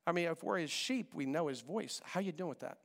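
A man preaching a sermon as pastor, animated and repetitive, acting out voices when he quotes people. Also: a little high, fairly quick, gravelly. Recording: long hall reverb.

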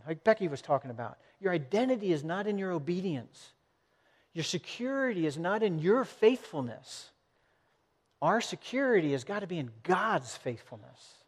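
Man, pastor, earnest conversational sermon, slightly high voice, long church-hall reverb.

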